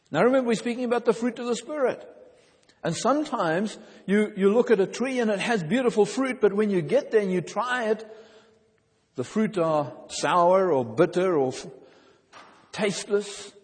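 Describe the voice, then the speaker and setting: A man preaching in a high, light voice, earnest and emphatic, leaning on repeated phrases. The sound rings with the long reverb of a church hall. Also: darkish tone. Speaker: pastor. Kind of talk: sermon.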